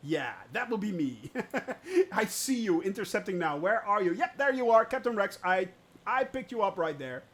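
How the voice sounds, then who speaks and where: A man streaming a flight game live, loud and jokey, laughing at his own puns and greeting viewers by name. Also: high-pitched, sing-song, moderate pace. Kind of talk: live gameplay commentary.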